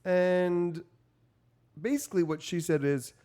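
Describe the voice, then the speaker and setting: This podcast co-host is a man with a medium-pitched, darkish voice speaking at a normal speed. On the casual panel chat he's loose and talkative, frequently laughing and slipping into mock voices.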